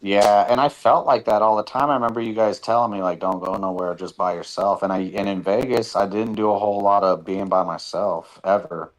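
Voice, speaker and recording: Brief: man, very low voice, casual profane chat, animated storyteller. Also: fairly quick, hardly any pauses, low-quality recording. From Nevada, USA.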